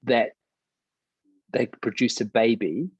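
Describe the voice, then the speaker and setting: A pastor telling a personal testimony in conversation, earnest and acting out quoted dialogue. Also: male voice, medium pitch, slow, husky, no room sound, lo-fi sound.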